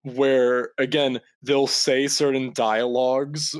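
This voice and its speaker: A man speaking in a smooth, clear voice, recorded close and dry. He chats in a relaxed, rambling way as a podcast guest. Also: mid-range voice, slow, dry recording. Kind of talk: casual chat.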